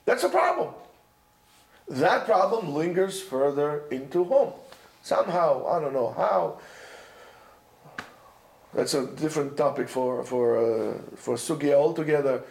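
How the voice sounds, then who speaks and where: A man teaching yeshiva students in an informal lecture, animated and chatty, peppering his talk with Hebrew and Yiddish terms and constant "you know" and "right?". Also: a little high, unhurried, gravelly, long pauses. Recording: echoey room.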